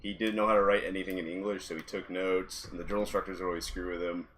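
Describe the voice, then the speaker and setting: A man's voice: sits low, level tone, fast, fairly bright tone, a little hiss or hum. A man, a podcast guest, casually telling anecdotes in an easygoing way and laughing often. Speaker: podcast guest, former Marine. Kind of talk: casual storytelling.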